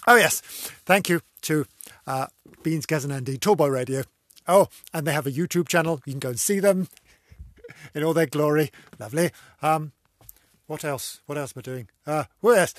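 A man's voice: fairly high pitch, moderate pace, pauses often, fairly bright tone, no room sound. A man hosting a solo podcast, rambling and easily distracted, with a theatrical, exclamatory delivery and frequent giggles. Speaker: podcast host. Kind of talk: casual solo podcast chat.

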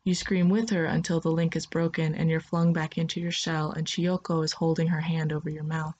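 A woman narrating a second-person story in a soft, steady voice. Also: low voice, fairly quick, few pauses, lo-fi sound, a little hiss or hum.

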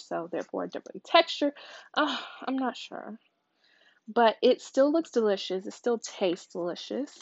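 A woman's voice: mid-range voice, dull audio. A young woman from the southern United States, chatting casually while cooking, rambling with playful asides. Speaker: cooking vlogger. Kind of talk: casual cooking chat to camera.

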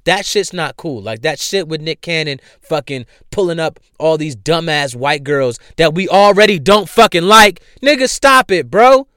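Man, heated profane rant, repetitive emphasis, smooth clear voice, dry close sound. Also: a little high, animated, normal speed, hardly any pauses, a bit bright, no echo. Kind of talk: ranting commentary.

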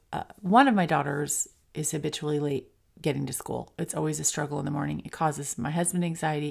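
A middle-aged woman speaks in a low, deeply gravelly voice full of vocal fry. She hosts a podcast and tells a personal story in a candid, reflective way. Her talk is loose and full of fillers and restarts. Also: a little mellow. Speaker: podcast host.

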